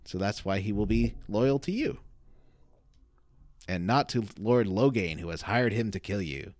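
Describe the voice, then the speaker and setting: A man co-hosting a gaming podcast, chatting casually and telling stories with lively retellings. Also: lowish voice, a little slow, dry recording. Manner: animated storyteller, acts out character quotes. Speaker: podcast co-host.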